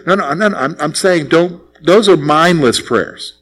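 A man's voice: fairly high pitch, a little slow, fairly bright tone. A man preaching a sermon, earnest and repetitive, acting out sample prayers to his congregation. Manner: earnest, repeats phrases, acts out prayers. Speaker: pastor.

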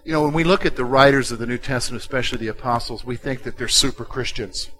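A male pastor delivering a sermon, dropping to a quiet intimate tone and then rising loud and emphatic. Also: mid-range voice, quick pace, low-quality recording. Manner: dynamic preaching, swinging from hushed to loud and emphatic.

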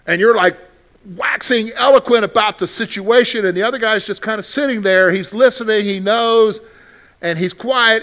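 A pastor preaches a sermon in a high voice at normal speed, acting out frantic prayers before dropping to soft, reassuring words.

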